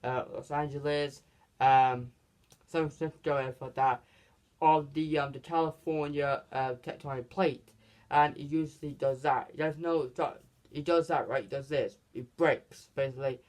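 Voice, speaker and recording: A man's voice: a little high, steady tone, normal speed, a little mellow. A man casually retelling a movie's plot in a rambling way, with frequent restarts and filler words. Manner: rambling, lots of restarts and "basically". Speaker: movie reviewer.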